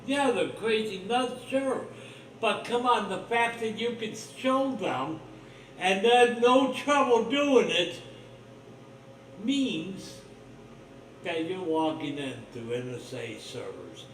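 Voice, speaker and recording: A man's voice: sits high, lively intonation, slow pace, far from the mic, a little hiss or hum. A man hosting his own livestream, talking in a rambling, blunt, profane monologue full of suspicion. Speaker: livestream host. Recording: roomy echo, voice off-mic, faint ambience.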